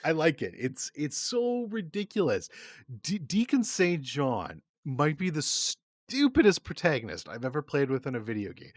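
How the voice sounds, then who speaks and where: A man's voice: mid-range voice, sing-song, normal speed, dry recording, clean studio sound. A man co-hosting a casual podcast, rambling and swearing often, with frequent laughs. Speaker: podcast co-host. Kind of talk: casual chat.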